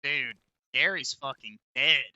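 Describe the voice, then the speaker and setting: A man's voice: medium pitch, slow pace, sharp tone, no room sound, dull audio. A man streaming a video game, chatting casually with lots of swearing and reading the on-screen dialogue aloud. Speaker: gaming streamer. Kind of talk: casual let's-play commentary.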